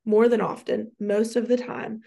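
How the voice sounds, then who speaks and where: A woman's voice: fairly high pitch, steady tone, normal speed, vocal fry, mellow. A woman in her thirties co-hosting a casual faith conversation, emotional and close to tears, talking in a chatty way with many fillers. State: tearful. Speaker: podcast co-host.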